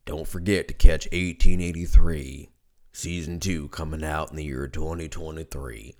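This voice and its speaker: A hoarse man doing an impression of an older male truck-commercial announcer, with a deep, gravelly drawl and a slow, solemn ad-read delivery. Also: steady tone. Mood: mock-solemn.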